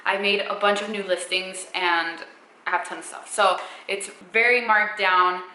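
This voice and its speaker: A woman's voice: mid-range voice, fairly even intonation, normal speed, bright, forceful tone, echoey room, a little hiss or hum, low-quality recording. A young woman filming a casual clothing try-on haul at home on her camera, chatty and upbeat, full of fillers. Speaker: fashion vlogger. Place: room at home. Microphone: camera mic.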